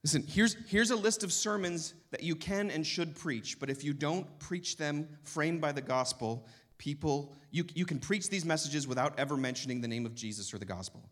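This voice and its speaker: A man's voice: a little high, normal speed, few pauses, fairly bright tone. A man giving an impassioned teaching talk to church leaders, speaking emphatically and building to urgent intensity.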